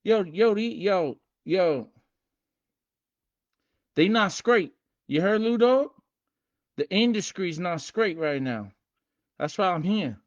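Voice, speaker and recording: A man hosting a casual livestream, hyped and streetwise, repeating himself and shouting out viewers by name. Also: sits high, lively intonation, takes it slowly, long pauses, dull audio. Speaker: livestream host teaching game rules.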